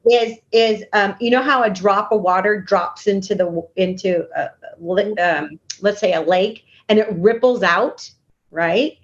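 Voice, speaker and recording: A woman guest in an interview, speaking earnestly and coaching the listener through her own inner dialogue. Her voice sits at a middle pitch. The audio is dull and lo-fi. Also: measured pace. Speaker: guest, intuitive healer. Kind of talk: conversational interview.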